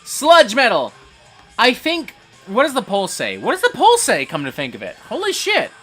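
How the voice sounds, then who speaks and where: A man hosting a live stream and reading chat aloud, tipsy and getting drunker, profane, swinging from low mumbles to hyped shouts. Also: huge pitch swings, moderate pace, faint music behind. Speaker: livestream host reading chat.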